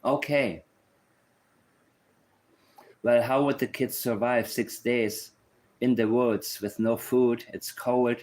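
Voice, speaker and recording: Brief: male commentator, blunt and opinionated, mid-pitched voice, talks off the cuff. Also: steady tone, slow, pauses often, darkish tone. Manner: blunt, opinionated, thinks aloud. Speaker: true crime commentator. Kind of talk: casual commentary.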